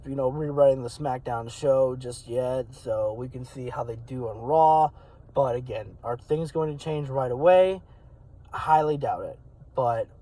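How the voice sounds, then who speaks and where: A man's voice: medium pitch, warm tone, low-quality recording. A man hosting his own channel, talking casually and rambling with many fillers, his voice cracking a little. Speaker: wrestling channel host. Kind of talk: casual talk to camera.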